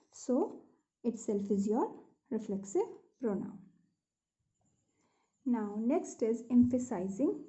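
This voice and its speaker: A woman's voice: fairly high pitch, warm tone. A woman teaching a grammar lesson, explaining step by step and often checking in with "okay?", sometimes correcting herself mid-sentence.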